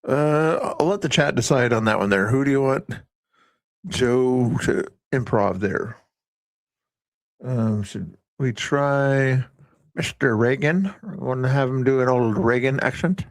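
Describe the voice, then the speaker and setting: A man's voice: mid-range voice, unhurried, no echo. A man hosting a casual livestream, rambling and often breaking off mid-sentence. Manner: rambling, self-interrupting. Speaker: livestream host.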